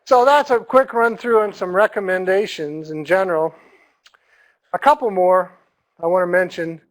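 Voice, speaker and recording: A man teaching a recorded lecture to no live audience. He talks conversationally, repeats his points, and often clears his throat and says "um". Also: sits high, normal speed, low-quality recording. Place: room without an audience.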